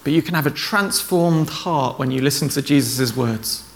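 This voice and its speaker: Male preacher, gravelly tone, conversational storytelling with acted-out quotes, faint background noise. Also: mid-range voice, normal speed. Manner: retells stories conversationally, acting out quoted lines. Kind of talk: sermon.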